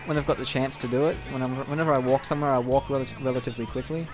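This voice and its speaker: A man's voice: mid-range voice, steady tone, rapid-fire, music in the background. A young man telling a long, rambling personal story over gameplay, candid and casual with frequent swearing. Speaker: gameplay commentator.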